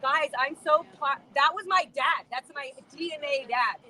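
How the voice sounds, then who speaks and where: A young woman with a high, bright voice exclaims in an excited, shaken rush. She is out on a city street, and light street noise hums behind her. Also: moderate pace, poor audio. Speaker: ex-member protester. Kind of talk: emotional street conversation.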